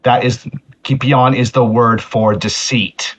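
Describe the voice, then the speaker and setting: Slow, restarting tabletop player, man. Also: mid-range voice, fairly even intonation, a bit bright, husky, low-quality recording. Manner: deliberate, with frequent restarts. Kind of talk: tabletop role-play, in and out of character.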